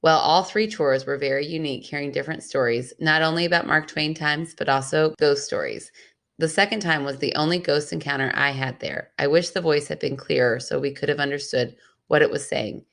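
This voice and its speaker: A woman's voice: sits low, fairly even intonation, fairly quick, gravelly, fairly bright tone. A woman co-hosting a podcast, reading a listener's ghost story aloud and teasing her sister. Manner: playful, teasing. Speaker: podcast co-host.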